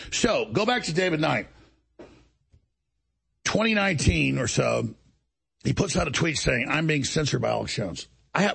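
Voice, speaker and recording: A man's voice: medium pitch, vocal fry, a bit bright, husky. A man hosting a talk show, delivering an indignant monologue and acting out other people's lines as he tells the story. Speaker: show host.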